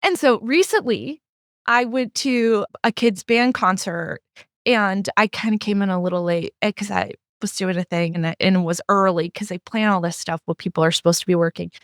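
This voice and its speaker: In a casual podcast chat, a middle-aged guest writer who isn't from the Midwest shares candid stories, performing the quoted exchanges people had with her. She speaks at normal speed with a medium pitch, and the studio sound is clean, with no room sound.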